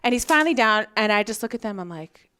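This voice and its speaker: A woman guest on a podcast, telling a story in a casual, animated way and acting out what people said. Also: medium pitch, quick pace, clear, resonant tone. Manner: animated, acts out quoted dialogue. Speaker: hunting guest.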